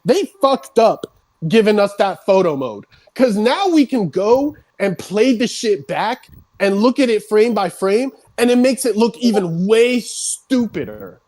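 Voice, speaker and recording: A streamer on a heated rant who swears constantly and builds up into shouting, voice starting to crack. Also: mid-range voice, animated, measured pace.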